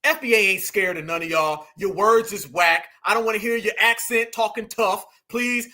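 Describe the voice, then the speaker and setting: A man hosting reaction commentary, animated and mocking, repeating his points. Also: high-pitched, moderate pace. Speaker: commentary host.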